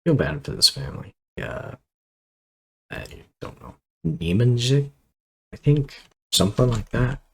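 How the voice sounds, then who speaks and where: A man's voice: low voice, creaky, a bit bright, a little hiss or hum, low-quality recording. A man casually commenting on his strategy game as he plays, thinking aloud and rambling with fillers and asides. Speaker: gameplay commentator.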